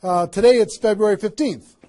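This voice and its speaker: This network marketing trainer's high-pitched, slightly fast delivery fuels an emphatic, energetic motivational talk, full of rhetorical questions aimed at a live audience.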